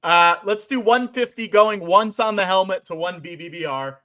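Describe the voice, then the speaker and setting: A man's voice: high voice, normal speed, bright, forceful tone. A man on a charity livestream, calling out auction bids and playing along with the jokes. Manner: plays along good-naturedly, calls auction bids. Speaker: auction runner and co-host. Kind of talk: casual livestream banter.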